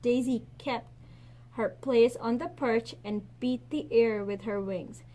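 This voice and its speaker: With a clear, high voice, a woman teacher reads a picture book very expressively, easing into a slower, softer delivery for the hushed endings.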